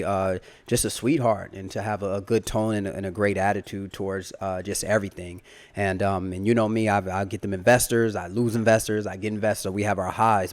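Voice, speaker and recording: Low-voiced man, soft and halting. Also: no echo. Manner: soft-spoken, halting, many fillers and restarts. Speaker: podcast co-host. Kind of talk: casual chat.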